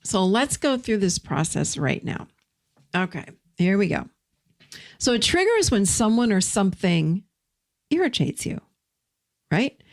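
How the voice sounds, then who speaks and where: A middle-aged woman gently leading listeners through a self-help process, talking in a warm, conversational way. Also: medium pitch, vocal fry. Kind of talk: guided self-help teaching.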